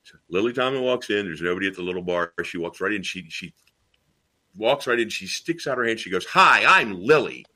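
A middle-aged man from Tennessee telling rambling, animated anecdotes in casual chat, with many fillers and restarts. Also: low voice, a little fast.

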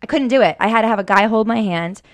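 A woman in her forties telling a personal story in casual podcast chat, animated and swearing freely, acting out her own thoughts. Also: on the high side, fast talker, no room sound. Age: 40s. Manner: animated, swearing, vivid storytelling with acted-out inner quotes.

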